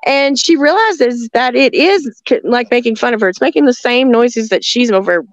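On the high side and at normal speed, a woman's voice recounts encounters as a guest in casual, rambling talk full of restarts and frequent laughter. The lo-fi recording sounds dull, with no echo.

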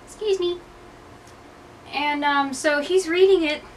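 A young woman vlogging indoors, telling stories to camera in a rambling, profane, self-mocking way. Her voice sits a little high and comes from a slight distance from the mic. A faint hiss runs underneath. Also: slow. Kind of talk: casual storytelling to camera. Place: indoor room, hot.

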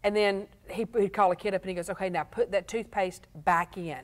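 A woman's voice: mid-range voice, fairly even intonation, brisk. Earnest woman explaining with examples. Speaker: pastor and show co-host. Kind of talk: casual teaching talk on marriage.

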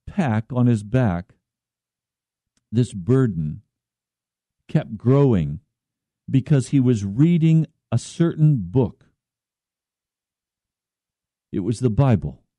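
A man preaching a slow, earnest radio sermon as pastor, at times pleading in prayer. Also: mid-range voice, mellow, dry recording.

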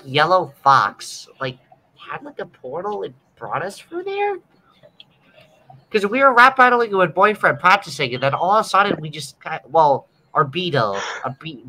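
A woman's voice: deep voice, measured pace, slight background noise, poor audio. A young woman streaming a card game with friends, breaking into squeals and laughter. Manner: bursts of squealing excitement and laughter. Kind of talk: excitable gaming chat.

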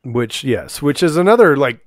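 A man's voice: medium pitch, very animated, normal speed, dry recording, clean studio sound. A man co-hosting a podcast in casual chat, joking and speculating. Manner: jokey, speculative. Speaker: podcast co-host.

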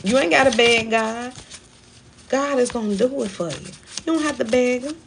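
In a live stream tarot-style reading, a woman speaks at a moderate pace in a fairly high voice with vocal fry, against slight background noise. She drives her points home emphatically and repeatedly, preacher-style, using African American Vernacular phrasing.

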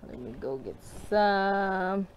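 Slow, cheerful woman eating on camera. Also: medium pitch, expressive, slight background noise. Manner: cheerful, giggly, addresses viewers as guys. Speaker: mukbang vlogger. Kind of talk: casual mukbang chat while eating. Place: home kitchen.

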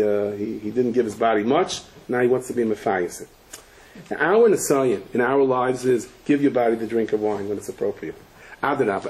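A man, a rabbi, giving a Torah lecture full of stories and Hebrew and Yiddish terms. He tells them with animation and breaks into shouts at the punchlines. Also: mid-range voice, rough recording. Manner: sprinkles Yiddish and Hebrew terms, frequent restarts.

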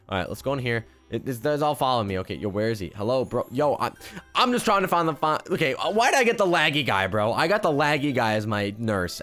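A man's voice: mid-range voice, a bit bright. A young man joking and rambling through casual gameplay commentary, with frequent restarts. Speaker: gaming YouTuber.

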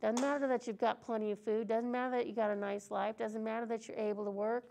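A woman's voice: on the high side, flat delivery, fast talker, creaky, warm tone, a little hiss or hum. A woman preaching an earnest, conversational sermon in a church service.

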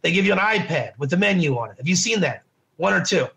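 A man's voice: sits high, lively intonation, quick pace, vocal fry, sharp tone. A middle-aged man teaching a lesson in a casual, conversational way, often checking in with his listeners. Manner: conversational, repetitive, asks "right?" often. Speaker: Torah teacher. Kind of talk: informal classroom lesson.

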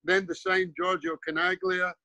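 A man's voice: high voice, level tone, moderate pace, sharp tone, no room sound, poor audio. A Scottish man in his seventies, a former player and coach, telling rambling anecdotes in a casual interview. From Scotland. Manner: rambling anecdotes with frequent restarts and "you know".

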